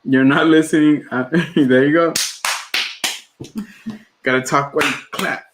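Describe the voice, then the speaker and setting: A man's voice: a little high, fairly even intonation, a little slow, noisy background. A man co-hosting a casual livestream podcast from home, rambling and laughing often. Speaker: podcast co-host.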